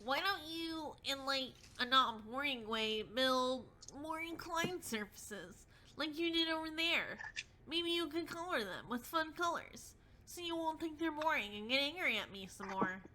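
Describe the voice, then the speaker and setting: A woman voicing a timid, meek young male troll, hesitant and soft-spoken, during a comic read-aloud. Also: sits high, lively intonation, unhurried, slight background noise, exaggerated voice.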